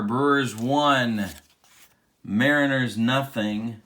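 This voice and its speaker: A man's voice: medium pitch, slow, a bit bright. A man doing play-by-play commentary of a tabletop baseball game replay, with an announcer cadence and open rooting for his team. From Central Illinois.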